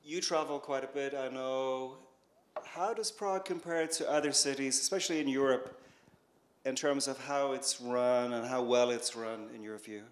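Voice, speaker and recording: A man of middle pitch leads an interview and asks loose, meandering questions in a conversational way. His voice rings in a noticeably echoey room. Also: steady tone, moderate pace. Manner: conversational, slightly rambling questions. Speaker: interviewer, host.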